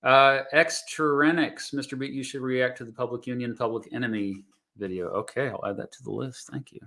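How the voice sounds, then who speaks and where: A man in his thirties or forties, a history teacher, reacting live to videos and thinking aloud with many fillers and restarts in a relaxed, reassuring way. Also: medium pitch, a little fast.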